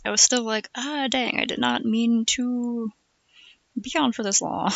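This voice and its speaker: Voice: medium pitch, fairly even intonation, measured pace, gravelly, fairly bright tone, dry recording, dull audio. A streamer chatting casually, rambling through asides and laughing often. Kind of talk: casual chat.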